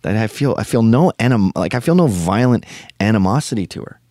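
A man's voice: on the low side, lively intonation, brisk, a little mellow, no echo, clean studio sound. A man hosting a podcast, telling a rambling, profane comic story full of tangents. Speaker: podcast host. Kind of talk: casual comedic storytelling.

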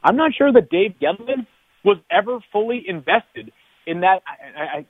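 A man's voice: high voice, expressive, moderate pace, slightly rough, no room sound. A man calling in as a guest analyst on a sports radio show, rambling with many restarts and fillers. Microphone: phone. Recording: tinny phone line.

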